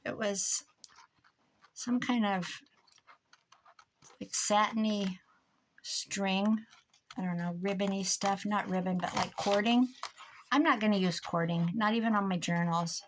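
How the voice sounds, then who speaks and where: A woman's voice: medium pitch, steady tone, measured pace, pauses often, slight background noise. Chatty middle-aged woman crafting at her desk. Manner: rambling, self-talking, chatty with asides to herself. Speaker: crafting YouTuber. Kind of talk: casual crafting chat while working.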